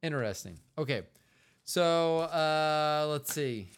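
Co-hosting a laid-back podcast with his partner, this man from the United States speaks slowly in a slightly high, expressive voice with a clean tone. His talk wanders, and he frequently lets sentences trail away.

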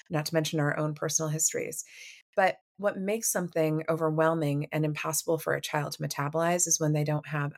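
A woman therapist, a guest on a podcast, explaining ideas in a measured way and often checking in with "right?". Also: low-pitched. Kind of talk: podcast conversation.

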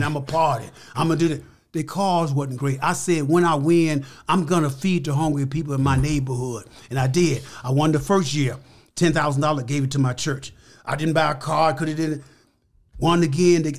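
An older man telling stories as a podcast interview guest, emphatic and animated, acting out the voices of people he quotes. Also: fairly high pitch. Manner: emphatic, repeats key words.

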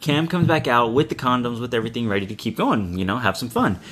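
A man's voice: mid-range voice, sing-song, quick pace, fairly bright tone. A man co-hosting a casual podcast, retelling a film's plot in a loose, rambling way. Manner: rambling retelling with quoted asides. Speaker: podcast co-host recapping a movie. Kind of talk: casual chat.

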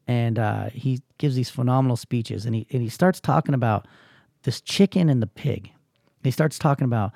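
A man's voice: medium pitch, normal speed, creaky, darkish tone, dry recording, clean studio sound. Earnest man telling a personal story. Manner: earnest, emphatic, swears freely; rallying, motivational push to listeners. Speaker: podcast host.

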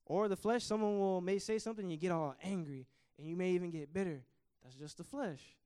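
A young man preaches to a youth service with fervent energy, his voice pitched high and ringing clear. His delivery surges in volume whenever he quotes scripture. The sound is close and dry, with little room echo. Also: expressive, fast talker, a little mellow. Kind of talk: sermon. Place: church.

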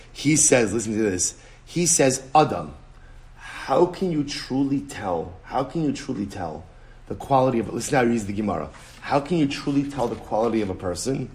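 Animated rabbi teaching Talmud. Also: male voice, mid-range voice. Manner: animated, emphatic, repeats phrases, switches between English and Hebrew-Aramaic terms. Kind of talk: Talmud lecture.

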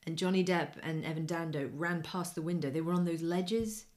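Middle-aged woman, lower voice, casual storytelling co-host. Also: a little fast. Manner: animated anecdote-telling, acts out quoted voices. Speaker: podcast co-host.

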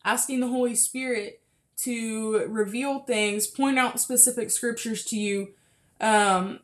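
Young woman with a chatty faith podcast voice. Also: a little high. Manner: chatty, frequent fillers and laughs. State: a little out of breath. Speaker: podcast host. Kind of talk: casual faith talk. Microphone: close mic.

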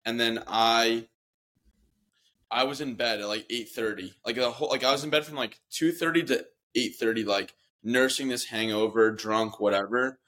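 A man's voice: mid-range voice, steady tone, moderate pace, a bit bright. A young man co-hosting a podcast, telling a rambling story in casual chat and swearing freely. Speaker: podcast co-host.

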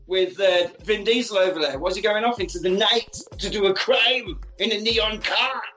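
A man doing a high, baffled young cop. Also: moderate pace, bright, forceful tone, roomy sound, distant mic, soft background music. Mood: puzzled. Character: baffled young male undercover cop, nervous and prying.

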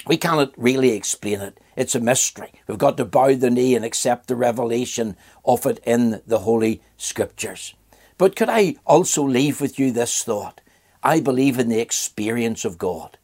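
A man's voice: medium pitch, expressive, normal speed, darkish tone, slightly rough. An older man from Ireland preaching a sermon in an earnest voice, asking rhetorical questions and repeating phrases.

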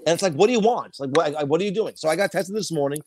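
A man's voice: a little high, rapid-fire, a little mellow. A man, co-hosting a podcast and telling rambling, profane stories in casual chat. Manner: rambling storytelling with heavy swearing. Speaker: podcast co-host.

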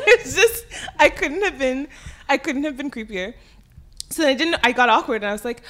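Lively bright-voiced young woman telling stories. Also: high-pitched, brisk. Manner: animated, giggly storyteller with squealing quoted voices. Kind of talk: casual storytelling chat.

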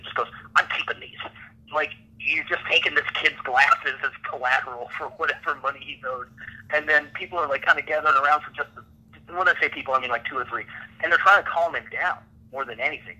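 A man's voice: mid-range voice, sharp tone, low-quality recording. A man casually telling a rambling backstage story on a podcast, often laughing between lines.

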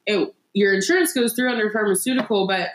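A woman's voice: mid-range voice, fast. Exasperated young woman venting, roomy sound. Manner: exasperated, swearing, acts out phone calls. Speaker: podcast co-host. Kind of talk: casual venting chat. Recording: roomy echo.

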